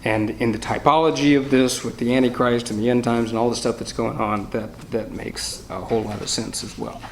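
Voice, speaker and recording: A man's voice: mid-range voice, fairly even intonation, a little fast. A man teaching a Bible study in a jovial, anecdotal way, reading and explaining verses. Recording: roomy room echo, faint noise.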